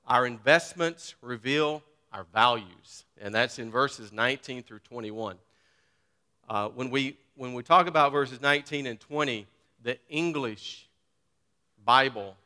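A man preaching a sermon as pastor, first reading scripture, then talking casually with filler words and building to emphatic, forceful points. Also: mid-range voice, clean tone, long reverb tail. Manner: reads scripture, then talks informally and grows emphatic.

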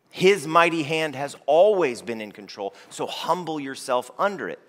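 In a church sanctuary with the long reverb of the hall, a male pastor preaches to his congregation in a fairly high, bright, animated voice at normal speed. He is emphatic, repeats key phrases, and raises his voice when reading scripture.

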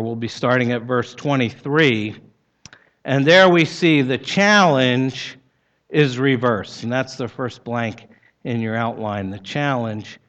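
A man's voice: a little high, fairly bright tone. Storytelling male pastor, muffled sound. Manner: storytelling, conversational, dry humor. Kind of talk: sermon with personal story.

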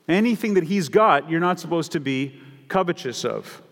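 A man's voice: fairly high pitch, expressive, moderate pace, fairly bright tone, big-room sound. A man preaching an expository sermon, building to emphatic repetition. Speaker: pastor.

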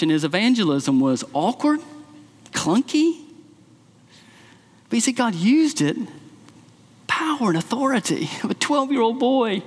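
Brief: a male pastor preaching and storytelling, with a high voice and a long hall reverb. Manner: storytelling, with animated acted quotes. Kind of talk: sermon.

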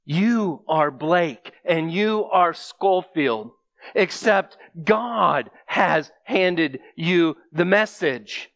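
Male preacher, sermon, earnest direct address, unhurried delivery. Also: high-pitched, animated, fairly bright tone, no echo.

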